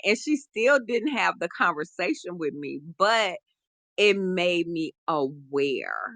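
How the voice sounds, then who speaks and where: A woman guest, a relationship coach, telling a personal story in an animated conversational way, full of "you know". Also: lowish voice, slow pace, no echo. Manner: animated, acts out quoted voices, frequent "you know".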